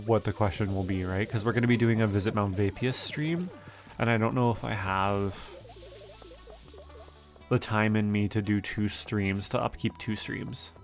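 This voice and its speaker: Young canadian guy rambling to chat on stream, low voice, little bit of music behind. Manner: chatty, reads and answers chat, many "like" fillers. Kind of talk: casual livestream chat with viewers.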